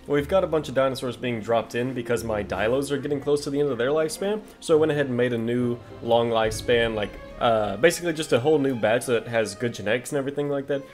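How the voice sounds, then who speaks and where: A man hosting a casual video game commentary, excitable and jokey as he talks to his viewers. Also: mid-range voice, quick pace, hardly any pauses, soft background music. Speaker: gaming video host.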